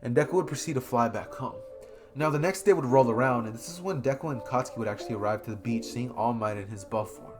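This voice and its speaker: A man's voice: mid-range voice, quick pace. A man casually narrating an improvised fan story, rambling and correcting himself as he goes. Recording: guitar music playing behind.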